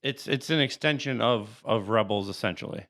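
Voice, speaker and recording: A man's voice: lowish voice, normal speed, a bit bright. A man co-hosting a podcast, chatting casually about a show with lots of "you know" and restarts. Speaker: podcast co-host. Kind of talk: casual chat.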